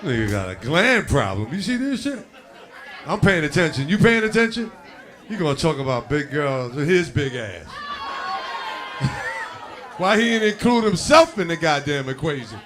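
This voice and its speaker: A man's voice: on the high side, big pitch swings, moderate pace, pauses often. A man hosting a comedy show, brashly roasting the last comic and hyping the crowd for the next. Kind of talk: emcee banter. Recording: live club mix with music and cheering crowd.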